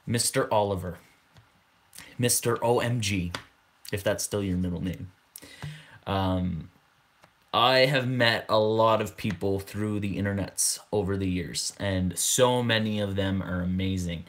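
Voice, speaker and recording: A man's voice: lowish voice, a bit bright. A man in his twenties hosting a casual livestream, who rambles, repeats words and laughs often. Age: 20s. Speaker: channel host.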